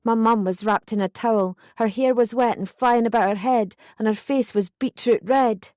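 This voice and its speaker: Give me a high-voiced woman narrating an audiobook. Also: normal speed, a little mellow, no echo, studio quality. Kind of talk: scripted first-person narration.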